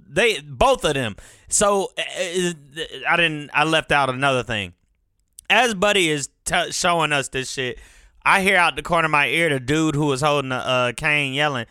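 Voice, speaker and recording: A man's voice: a little high, pushed and bright, clean tone, dry recording, studio quality. A man telling a rambling, profane story in casual vlog style. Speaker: vlogger.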